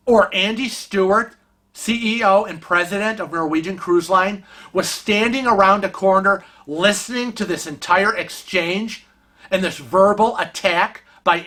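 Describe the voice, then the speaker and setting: A vlogger telling a story in a casual, animated and indignant way, often restarting sentences. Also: medium pitch.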